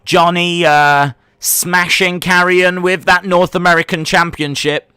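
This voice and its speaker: Bright-voiced man calling wrestling live. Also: high-pitched, a little slow, smooth, dry recording, studio quality. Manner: excited play-by-play, then answers chat questions in a relaxed, rambling way. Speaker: live-stream reaction host. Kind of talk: live wrestling watch-along commentary.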